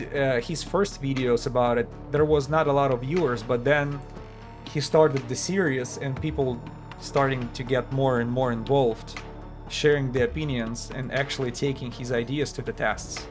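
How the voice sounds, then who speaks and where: A man chatting through a live game stream, talking things through aloud with plenty of fillers and slightly non-native phrasing. His voice sits at an ordinary middle pitch and sounds worn from hours of talking. Faint music plays behind him. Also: steady tone, normal speed. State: voice tiring after hours of talking. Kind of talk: casual live-stream commentary.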